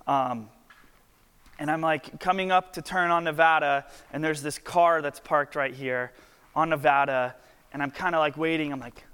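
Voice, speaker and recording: Chatty young pastor in a reverberant hall. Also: male voice, fairly high pitch, moderate pace, clear, resonant tone. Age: 20s. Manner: chatty, lots of filler words, animated storytelling. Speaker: worship pastor. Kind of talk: casual storytelling sermon.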